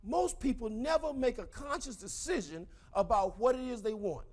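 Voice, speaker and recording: A middle-aged man with a Southern US accent giving an animated motivational seminar talk to a live audience, repeating his key points in a preachy way. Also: extremely high pitch, normal speed. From American South. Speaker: motivational speaker.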